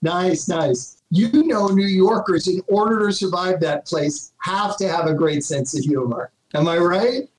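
A man's voice: high-pitched, a little slow, hardly any pauses, rough recording. A man speaking as a guest public speaker in an emphatic, upbeat motivational manner, often tagging on rhetorical questions. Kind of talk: motivational talk.

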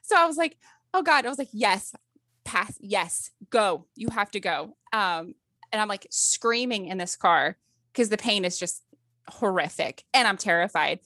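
Woman, thirties, podcast guest, casual storytelling, animated, laughs often, dry sound. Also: medium pitch, a little slow, no echo.

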